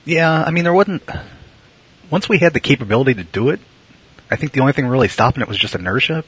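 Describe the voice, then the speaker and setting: Husky-voiced man in casual chat. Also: mid-range voice, animated, fast, fairly bright tone, rough recording. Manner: rambling, filler-heavy, wry jokes.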